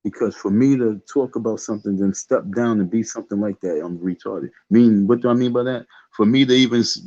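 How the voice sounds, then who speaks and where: A man's voice: fairly low pitch, fairly quick, dark tone, highs cut off. A man ranting on his livestream, emphatic and repetitive, dismissive as he drags out his insistence. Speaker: live streamer. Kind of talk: casual livestream rant.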